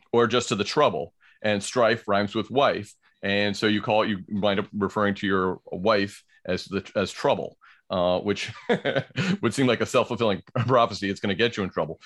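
A man's voice: on the low side, fairly bright tone. A man co-hosting a podcast, explaining word origins in casual banter, laughing often and reading passages aloud.

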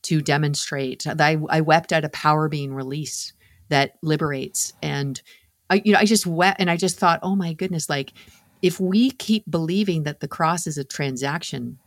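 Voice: medium pitch, normal speed, dry recording, studio quality. Earnest, impassioned faith podcast voice. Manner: earnest, impassioned, repeats phrases in building runs. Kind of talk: casual faith discussion.

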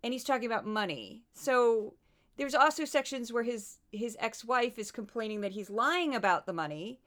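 A woman with a Midwestern American accent hosting a podcast, talking in a chatty, animated way with asides. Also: a little high, normal speed. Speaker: podcast host. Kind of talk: casual commentary.

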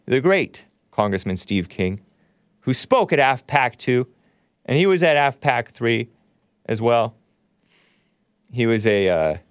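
A man's voice: mid-range voice, smooth, no echo. A man hosting a call-in talk show from a studio, reading headlines aloud and scoffing at them with a sarcastic, mocking manner. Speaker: radio talk show host.

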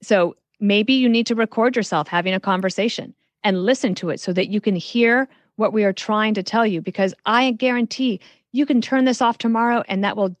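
A woman's voice: a little high, dry recording. A woman guest on a podcast interview, frankly giving career advice and telling stories from her work. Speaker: guest author.

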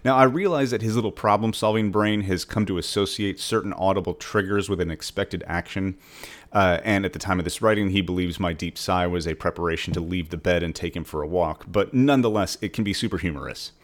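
A man who is the author, reading his own newsletter aloud as a casual, measured writing lesson. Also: deep voice.

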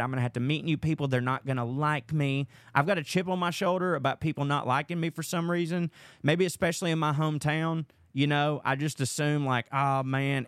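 A man's voice: a little high, no room sound, studio quality. A young man hosting a podcast, rambling through a profane, casual monologue. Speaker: podcast host.

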